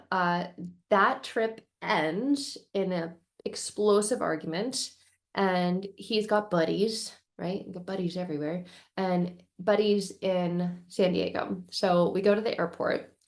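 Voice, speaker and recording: A woman vlogger telling a painful personal story candidly, in an emotional, rambling way with many restarts. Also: medium pitch.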